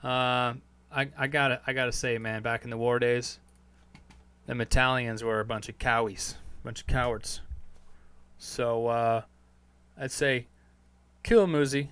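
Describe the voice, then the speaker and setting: A man's voice: mid-range voice, fairly even intonation, a little slow, a bit bright, smooth. A man hosting a podcast, answering listener questions in a loose monologue that is profane and full of fillers. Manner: rambling, profane, heavy on fillers. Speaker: podcast host.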